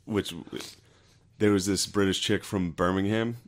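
Man, low voice, crude banter, quick jokes, casual chat. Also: fairly even intonation. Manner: crude jokes, short interjections.

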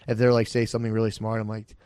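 A man's voice: fairly low pitch, completely flat delivery, very fast, a little mellow, smooth, no room sound. Man, casual storyteller, laid-back, profane, dry close sound. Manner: laid-back, profane, laughs through stories.

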